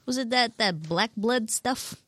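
A woman's voice: fairly high pitch, unhurried, a bit bright, dry recording, studio quality. Blunt, curious woman player. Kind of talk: casual chat.

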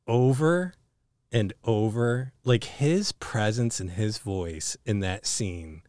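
A man's voice: fairly low pitch, takes it slowly, darkish tone, no echo, studio quality. A man hosting a podcast in casual chat, rambling enthusiastically with frequent fillers and the odd swear word. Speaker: podcast host.

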